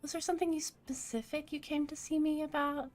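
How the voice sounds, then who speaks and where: A poised crime boss lady in a cyberpunk game, sweet and courteous on the surface, speaking in measured tones. A woman reads her lines aloud. The voice sits a little high. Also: steady tone, darkish tone, natural voice. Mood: gracious. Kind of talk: reading game dialogue aloud.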